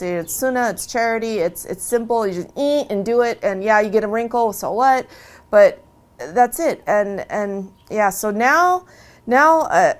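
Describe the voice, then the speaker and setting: Woman rambling along, animated, lots of restarts and asides. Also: mid-range voice. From USA. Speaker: convert sharing her story. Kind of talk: casual testimony.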